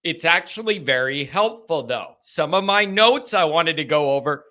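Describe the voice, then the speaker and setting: A man's voice: a little high, expressive, moderate pace, pushed and bright. A man hosting a live sports call-in stream, talking casually in an emphatic, rambling way and repeating himself. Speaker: sports call-in show host.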